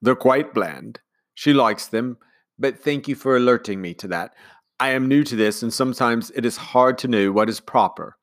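A man voicing a polite, mournful, well-to-do widower in a storybook read-aloud, with formal, gentle speech. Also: medium pitch, moderate pace, pitched above the performer's own voice, natural voice.

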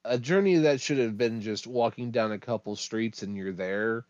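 Halting male game master, lo-fi. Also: fairly low pitch, darkish tone, no echo. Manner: halting, with restarts and coughs. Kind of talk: narrating a tabletop game.

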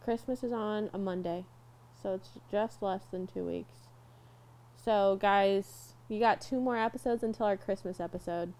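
A young woman co-hosting a casual podcast, animated and quick to laugh, easily moved while telling a story. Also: mid-range voice. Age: young adult. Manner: animated, laughs easily, gets teary and emotional. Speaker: podcast co-host. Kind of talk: casual chat.

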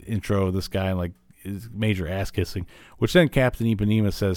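Man, from Illinois, podcast host, rambling cartoon recap, lowish voice, dry close sound. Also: brisk, a little mellow, dry recording. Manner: rambling, filler-heavy retelling. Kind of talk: casual recap of a cartoon episode.

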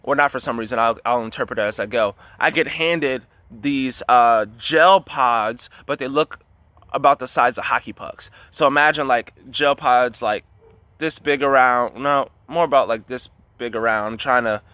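Bright-voiced man telling a long story. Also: medium pitch, normal speed, no room sound. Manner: rambling, many fillers and restarts. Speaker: dream teller. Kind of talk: casual storytelling.

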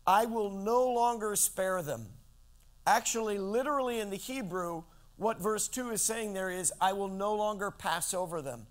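Man, high-pitched voice, preaching a sermon, from Central California, dramatic rises and drops, asks listeners questions. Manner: dramatic shifts in pitch and loudness, slows for emphasis; addresses listeners directly with questions. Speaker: pastor.

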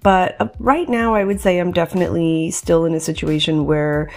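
A woman's voice: lowish voice, fairly even intonation, normal speed. A woman hosting a podcast in casual chat, talking in a loose, chatty way with many fillers and restarts. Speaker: podcast host.

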